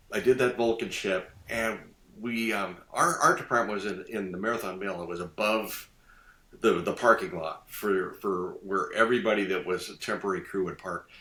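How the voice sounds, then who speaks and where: An older man telling stories in a casual podcast chat, animated and quick to laugh, acting out the voices of the people he quotes. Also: low voice, echoey room. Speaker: guest designer.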